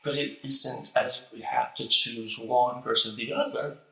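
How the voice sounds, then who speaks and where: A man's voice: mid-range voice, fairly even intonation, measured pace, creaky, sharp tone, echoey room, low-quality recording. Man with a stutter reciting a lecture. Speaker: host reciting a famous lecture.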